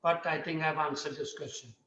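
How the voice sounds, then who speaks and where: A man's voice: a little high, fairly even intonation, brisk, sharp tone. Earnest male storyteller on a distant call. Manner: earnest, repeats phrases while recounting. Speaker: panel speaker. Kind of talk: storytelling talk. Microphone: video call. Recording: roomy, distant, dull video-call audio.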